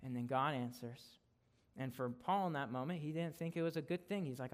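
A man preaching a sermon in a casual, conversational way, shifting into loud, emphatic declarations when he reads scripture. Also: medium pitch, brisk. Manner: casual, conversational preaching with frequent "right?" and "guys". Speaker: guest preacher.

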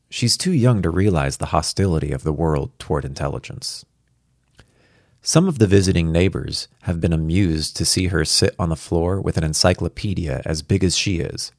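Man, low voice, lively and varied pitch, earnest reflective audiobook narration, dry close sound. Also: normal speed, no room sound. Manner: earnest, reflective, quietly anxious. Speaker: narrator as a worried father. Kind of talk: audiobook reading of a first-person story.

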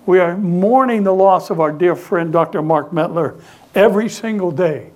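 A man's voice: sits high, moderate pace, a little mellow. A man preaching a sermon as pastor, emphatic and calling on the congregation to answer back. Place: church sanctuary.

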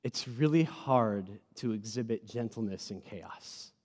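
A man in his thirties preaching a sermon to a congregation, earnest and personal, swinging between loud emphatic bursts and soft, quiet moments. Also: on the low side, expressive, unhurried. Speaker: pastor. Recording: long hall reverb.

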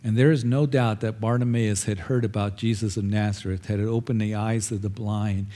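A pastor preaching a sermon, retelling a gospel story and acting out the cries of the people in it. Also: male voice, lowish voice, fairly even intonation, normal speed, mellow. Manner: storytelling, acts out cries with raised voice.

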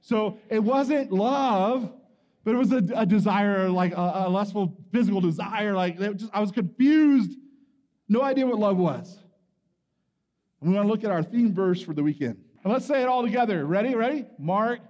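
A man with a fairly high voice preaches to a young crowd, telling his story with lively acted-out bits and sudden shouts. His voice rings through a big, echoing hall, and the sound is a little dull. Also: moderate pace. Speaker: camp speaker. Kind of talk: youth sermon with personal story.

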